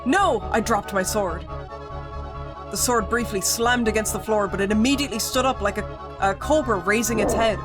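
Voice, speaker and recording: A woman's voice: mid-range voice, normal speed. A woman streamer reads a spooky visual novel aloud, giving the narration plenty of expression and breaking in with joking comments. Game music plays steadily beneath her voice. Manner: expressive reading, joking asides.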